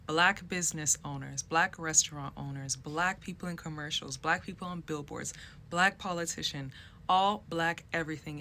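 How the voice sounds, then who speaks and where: A woman's voice: deep voice, pushed and bright, slight background noise. A woman from the United States giving a heartfelt, emphatic personal testimony.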